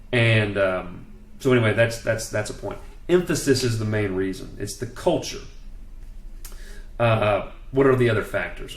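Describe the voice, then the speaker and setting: A man's voice: medium pitch, roomy sound. A man giving casual, opinionated commentary, emphatic and full of restarts. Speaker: commentator on network marketing law.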